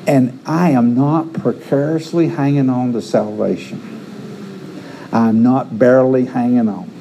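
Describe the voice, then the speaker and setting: Earnest, dark-voiced preacher man. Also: medium pitch, fairly even intonation, unhurried, gravelly, a little hiss or hum, rough recording. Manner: earnest, repeats words and restarts phrases. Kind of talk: sermon with personal stories.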